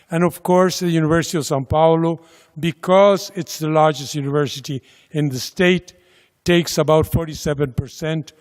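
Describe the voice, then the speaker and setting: A man giving a slide presentation about a funding agency's programs, speaking slowly and deliberately with pauses and fillers. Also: fairly high pitch. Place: lecture hall. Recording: lecture hall with long reverb.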